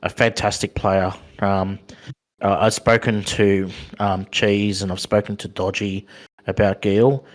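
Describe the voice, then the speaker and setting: A fairly low-pitched Australian man talks things over in a relaxed podcast chat. He stops and starts often and fills the gaps with ums. His voice sits low and steady. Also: a little slow. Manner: hesitant, many ums and restarts. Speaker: podcast co-host. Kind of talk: casual chat.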